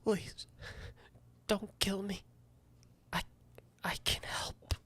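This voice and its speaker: A woman voicing a frightened young male halfling who pleads in a soft, hushed voice in a tabletop game. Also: medium pitch, fairly even intonation, unhurried. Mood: pleading.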